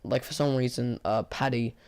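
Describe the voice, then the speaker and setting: Speaking at a moderate pace and medium pitch, a man rambles through an offhand film review. His voice is hoarse and tired, his tone flat and bored, and he keeps restarting and using fillers.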